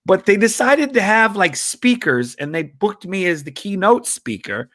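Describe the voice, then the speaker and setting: High, bright-voiced excitable comedian. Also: male voice, dry recording, studio quality. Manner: excitable, energetic, fast, with restarts and laughter. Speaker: comedian guest. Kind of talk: animated storytelling on a talk show.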